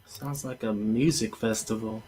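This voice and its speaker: A man's voice: on the low side, fairly even intonation, a little slow, a crowd in the background. A man in casual chat, curiously repeating the phrases back in a light-hearted way. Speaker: co-host.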